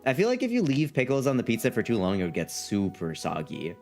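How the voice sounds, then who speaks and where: A man's voice: medium pitch, huge pitch swings, fast talker, darkish tone, faint music behind. A man chatting casually on a live stream, reading chat aloud in a playful, rambling way and repeating himself.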